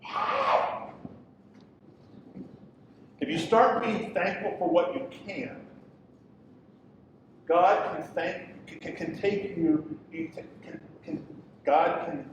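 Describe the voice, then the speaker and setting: A middle-aged male pastor preaching, impassioned, swinging from loud pleading questions to quiet storytelling. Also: on the high side, slight background noise. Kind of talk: sermon. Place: church hall. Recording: echoey hall from far off.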